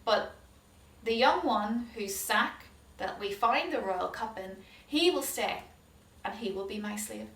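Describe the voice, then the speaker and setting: A woman's voice: mid-range voice, lively intonation, measured pace, fairly bright tone. A woman voicing a stern, powerful male governor who speaks harshly, in a Bible story for children. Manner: harsh, commanding. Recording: roomy hall, distant mic.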